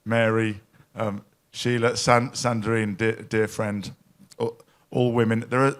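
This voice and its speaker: A man giving an emotional, anecdotal speech at a live event in a pavilion, full of restarts and halting asides. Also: lowish voice, little pitch movement. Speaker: panel speaker at a climate event.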